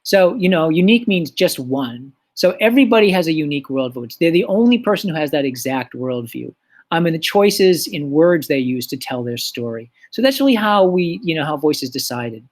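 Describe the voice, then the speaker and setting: A man teaching a recorded lesson, explaining things in a relaxed way with lots of fillers. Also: a little high, normal speed.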